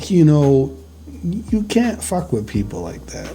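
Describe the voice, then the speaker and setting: A man telling stories in a casual podcast chat, animated, swearing easily and repeating words as he goes. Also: on the high side, takes it slowly, soft background music.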